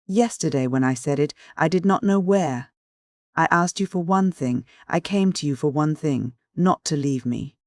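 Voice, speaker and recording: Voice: mid-range voice, moderate pace, a little mellow, no echo, natural voice. An audiobook reader voicing a tormented young man who confesses in despair, read in a dry, close recording. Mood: anguished. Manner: pleading, despairing dialogue. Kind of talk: audiobook character dialogue.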